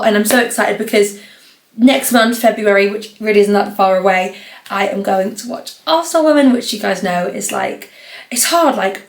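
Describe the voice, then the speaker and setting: A young woman chats through her week on her own podcast, rambling from one thing to the next and leaning on "like" as a filler. Her voice sits at an ordinary middle pitch. The room around her carries a noticeable echo. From North East England. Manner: rambling, chatty, lots of "like" fillers. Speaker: podcast host. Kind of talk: casual solo podcast chat. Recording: roomy echo.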